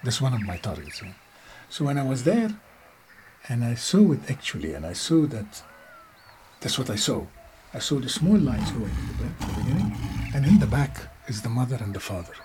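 Man from egypt, halting english, mid voice, faint hiss behind. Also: medium pitch, big pitch swings, darkish tone. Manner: halting, searching for words. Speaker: guest. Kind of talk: casual interview chat.

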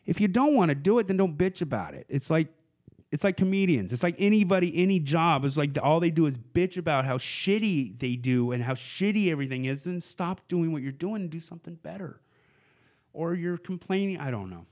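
A man's voice: fairly high pitch, animated, fairly quick, a little mellow. Rambling male comedian telling stories. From Portland, US. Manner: rambling storyteller, acts out voices of others. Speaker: comedian guest. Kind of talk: casual podcast chat.

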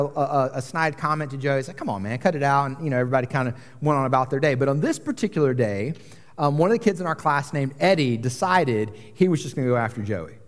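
Male pastor, forties, high voice, easygoing storyteller with a long reverb tail. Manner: storytelling, conversational, frequent asides. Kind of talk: sermon.

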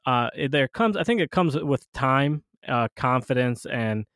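Guy hosting a podcast, rambly, average pitch, dry close sound. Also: animated, a little slow, a bit bright, no room sound. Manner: rambling, full of restarts and "you know". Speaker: podcast host. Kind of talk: casual podcast chat.

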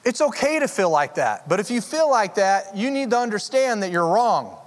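High-voiced preaching man in a hall. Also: big pitch swings, moderate pace. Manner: earnest, conversational preaching with frequent restarts. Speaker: pastor. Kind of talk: sermon. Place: church sanctuary.

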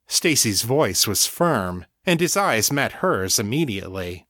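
A man narrating fiction in an unhurried, expressive storytelling manner. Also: on the low side, no room sound, clean studio sound. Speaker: audiobook narrator.

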